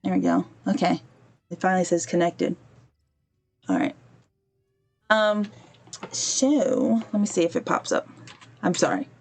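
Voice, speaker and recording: This podcast host has a lowish, slightly mellow voice that is very animated, a little slow, and full of long pauses, with slight background noise. She tells a casual, digressive story while gaming on a livestream. She breaks off to sort out her stream and does quick impressions of the people she quotes.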